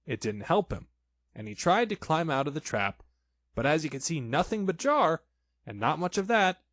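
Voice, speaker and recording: A man reads a children's storybook aloud, expressive and playful. His voice rises and falls a lot. The sound is dry and close. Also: on the high side, no echo. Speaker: narrator.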